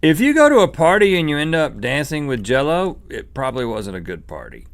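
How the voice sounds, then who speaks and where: A man's voice: fairly high pitch, huge pitch swings, brisk, dry recording. A man co-hosting a comedic food-tasting show, making dry, jokey asides. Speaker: co-host.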